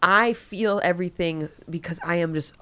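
A woman's voice: on the low side, normal speed. A woman co-hosting a comedy podcast in casual chat, acting out quoted lines in different voices, with a New York accent. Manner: animated, acts out quotes in varied voices. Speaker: podcast co-host.

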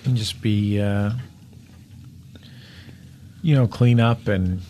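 A man appearing as a guest in an improvised comedy podcast bit, dry and deadpan. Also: on the low side, slow pace, slight background noise.

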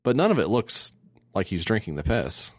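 A man co-hosting a comedy podcast, telling crude stories in a rambling, deadpan way. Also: lowish voice, normal speed, dry recording, clean studio sound. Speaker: podcast co-host. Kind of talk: casual comedy chat.

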